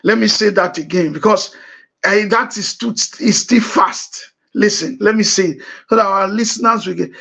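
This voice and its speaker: A middle-aged man with a Nigerian accent hosting a talk show, explaining politics and repeating points slowly. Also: high voice, vocal fry, fairly bright tone. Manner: many uh fillers, emphatic. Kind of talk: political commentary monologue.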